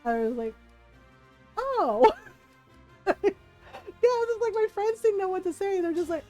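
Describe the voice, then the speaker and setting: A woman with a high voice chats casually while streaming a game, telling stories and laughing often. She slips into quick impressions of her family as she talks. Soft game music plays faintly behind her. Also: very animated. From Filipino family. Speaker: gaming streamer. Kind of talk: casual storytelling while gaming.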